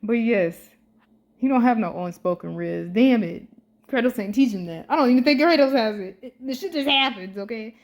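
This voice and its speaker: Young female vlogger, excitable fan chatter, swears a lot, lots of slang. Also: fairly high pitch, moderate pace. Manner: excitable and animated, swears freely, uses slang. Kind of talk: casual fan commentary.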